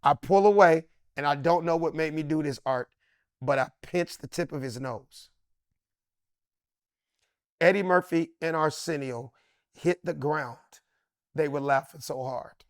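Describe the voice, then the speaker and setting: A man in his fifties, a comedian telling a story in an interview, lively and emphatic, swinging from loud excited bursts to low hushed asides. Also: measured pace, long pauses, dry recording, clean studio sound. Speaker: comedian and actor, interview guest. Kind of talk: animated storytelling in a sit-down interview.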